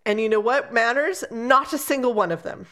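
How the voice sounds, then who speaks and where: A woman co-hosting a casual book chat, sarcastic and animated, swearing freely as she rants about a novel. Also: fairly high pitch, moderate pace. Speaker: book podcast co-host.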